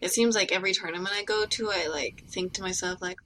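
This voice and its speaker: A woman co-hosting a podcast who tells stories in a relaxed, chatty way. Her voice sits in an ordinary middle register. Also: medium pitch, fast, slight background noise. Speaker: podcast co-host. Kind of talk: casual podcast chat.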